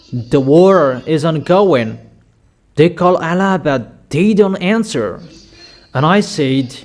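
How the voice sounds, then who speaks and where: Male preacher, slow and emphatic, higher-pitched, sudden loud outbursts. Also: animated. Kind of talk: sermon.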